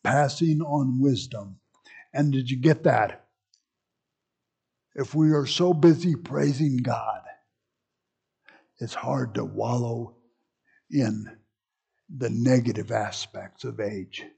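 A man's voice: medium pitch, slow, creaky, pauses often, a little mellow, breathy edge. A man leading a Bible study in a folksy, rambling way, with joking asides.

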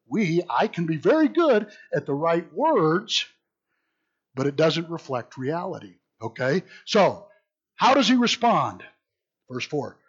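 A man teaching a Bible study in a lively, sardonic way, mixing read passages with his own wry asides. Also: a little high, slow, slightly rough. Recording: dull lo-fi recording.

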